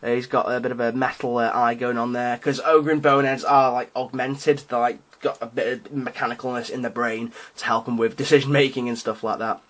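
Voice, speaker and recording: Talking through his hobby miniatures casually, a man stumbles with frequent ums and restarts, rambling in an amused, self-deprecating way. His mid-range voice is flat and fairly bright, and he speaks briskly with hardly any pauses.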